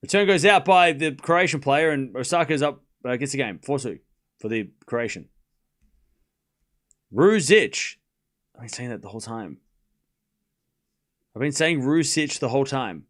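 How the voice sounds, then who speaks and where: A mid-range, expressive voice with a fairly bright tone belongs to an Australian man hosting a live tennis watchalong at a moderate pace. Casual and playful, he repeats words and replies to viewers in his chat.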